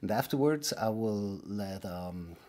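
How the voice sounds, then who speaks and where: A man's voice: fairly low pitch, animated, slow, dark tone. A man with a Swiss German accent giving a casual online pronunciation lesson, hesitant and full of fillers and restarts. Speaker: language teacher.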